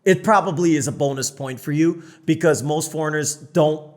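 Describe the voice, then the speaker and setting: A North American man co-hosts a casual podcast. His voice sits a little high, and he talks bluntly, swears freely, and shifts between loud, animated bursts and lower asides. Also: moderate pace. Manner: blunt, profane, animated storytelling. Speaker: podcast co-host.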